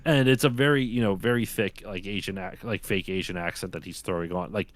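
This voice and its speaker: A man's voice: low-pitched, a little fast. A man co-hosting a live stream, chatting casually and telling stories animatedly, cursing freely. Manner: animated storyteller who swears freely. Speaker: streamer co-host.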